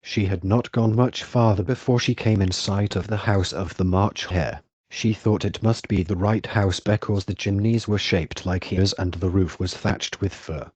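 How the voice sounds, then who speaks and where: A man's synthetic text-to-speech voice narrating an audiobook in an even, measured reading. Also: deep voice, no echo, dull audio. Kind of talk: scripted narration.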